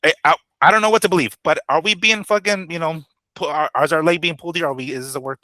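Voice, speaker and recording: A man's voice: on the high side, pushed and bright, dry recording. A man co-hosting a boxing talk show, casual and skeptical, stumbling through restarts and swearing. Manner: skeptical, halting with restarts, profane. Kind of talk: casual podcast chat.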